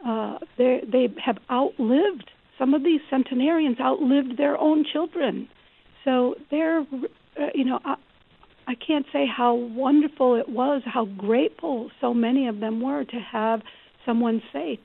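A woman's voice: high voice, a little slow, vocal fry. A woman author speaking as a guest in a call-in radio interview, telling stories in an earnest, reflective way over the phone. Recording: phone line.

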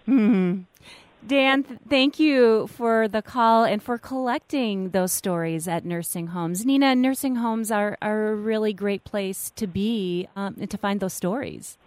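A woman hosting a call-in radio show, presenting in a clear, measured way from the studio. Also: medium pitch, darkish tone, dry recording. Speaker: radio host.

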